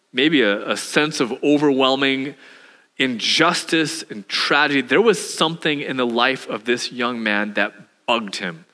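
A man preaching a sermon as pastor, animated and telling the story with humor. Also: medium pitch. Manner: animated storytelling, acts out voices with laughs. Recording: hall reverb.

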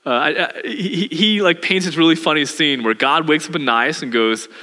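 A man preaching a sermon as pastor, animated and telling the story with humor. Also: on the high side, normal speed. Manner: animated storytelling, acts out voices with laughs. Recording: hall reverb.

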